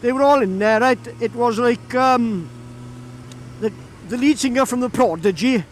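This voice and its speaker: High-voiced Welsh man telling a story. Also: normal speed, slight background noise. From Wales. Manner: chatty, laughing storyteller with many fillers. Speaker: vlogger. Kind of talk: casual anecdote.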